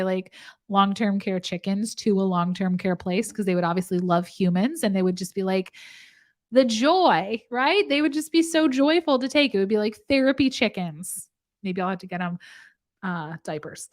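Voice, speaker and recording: Giggly, chatty woman nurse practitioner. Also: medium pitch. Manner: chatty and giggly, laughs often mid-sentence. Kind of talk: casual live chat with viewers.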